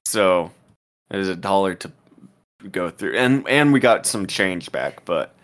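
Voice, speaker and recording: A young man with a fairly low voice tells a story to his co-host on a podcast mic. He is animated and casual, dropping "dude" and "bro" throughout. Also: measured pace. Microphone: podcast microphone.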